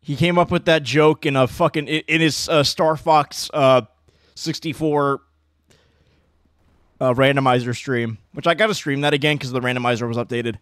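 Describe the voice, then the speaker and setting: A man's voice: medium pitch, normal speed, fairly bright tone, no echo, clean studio sound. A man streaming a game, chatting casually with a rambling, joking manner and frequent stammered restarts.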